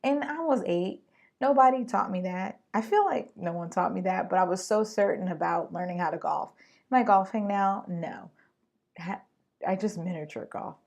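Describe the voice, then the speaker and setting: A woman hosting a solo podcast, talking straight to her listeners in an animated, slangy way. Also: medium pitch, normal speed, creaky. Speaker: podcast host.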